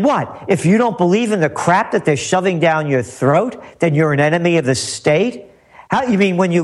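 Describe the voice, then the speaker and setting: A man giving heated political commentary, emphatic and repetitive, firing off rhetorical questions. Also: sits high. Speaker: guest commentator.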